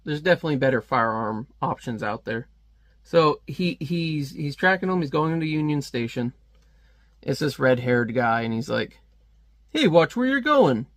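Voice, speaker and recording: A man talking through a comic in casual, offhand commentary, wandering between thoughts and leaning on plenty of fillers. His voice sits at an ordinary middle pitch. The recording is dry and close, with no reverb. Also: moderate pace, fairly bright tone. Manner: rambling, offhand, with frequent fillers. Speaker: comic reviewer.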